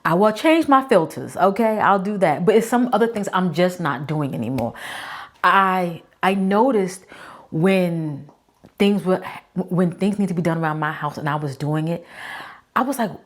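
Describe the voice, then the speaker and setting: A woman in her forties, hosting her own podcast and talking straight to her listeners in a chatty, emphatic way. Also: lowish voice. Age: 40s. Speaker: podcast host. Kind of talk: casual talk to camera.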